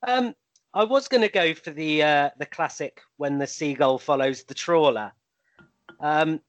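A man's voice: a little high, a little slow, no echo. A man telling anecdotes in a casual podcast chat, with plenty of ums. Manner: storytelling, full of ums.

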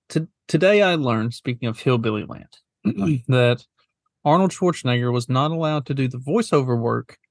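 A man talks in a relaxed, wandering way as a podcast co-host. His voice sits mid-range and sounds dry and close. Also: mid-range voice, no room sound. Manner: laid-back, meandering. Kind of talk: casual chat.

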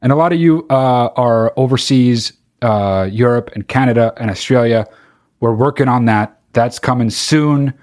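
A man hosting his own podcast in a loose comic rant. He swears freely, rambles and cuts himself off mid-thought. His voice sits in a middle pitch. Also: moderate pace, darkish tone. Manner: profane, rambling, self-interrupting. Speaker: podcast host. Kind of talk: casual comedic monologue.

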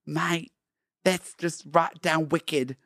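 A woman's voice: low-pitched, fairly even intonation, very slow, creaky, a bit bright, no room sound, clean studio sound, exaggerated voice. A woman playing a chirpy Australian tourist in a jokey, put-on Australian accent. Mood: playful. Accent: mock Australian accent. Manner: exaggerated slang, jokey.

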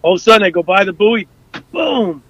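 High-voiced man telling lively sea stories. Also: racing, no echo, dull audio. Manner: animated, acts out quotes, many fillers and restarts. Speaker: guest, former rescue boat crewman. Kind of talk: casual storytelling.

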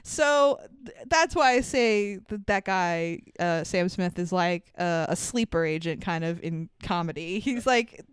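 A young woman co-hosting a podcast, chatting casually about a movie with animated, swearing reactions. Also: lowish voice, measured pace, hardly any pauses, clear, resonant tone, no echo. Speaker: podcast co-host. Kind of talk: casual movie review chat.

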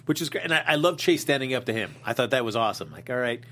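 A man co-hosting a casual chat show, relaxed and conversational. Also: mid-range voice, very fast. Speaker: co-host. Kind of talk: casual chat reviewing a soap opera.

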